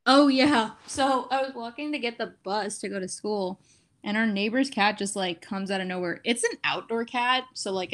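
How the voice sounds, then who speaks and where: A young woman with a mid-pitched voice chats in an easygoing, offhand way. Her talk is full of "like" and loose asides. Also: fairly bright tone. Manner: easygoing, filler-heavy chatter. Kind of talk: casual chat.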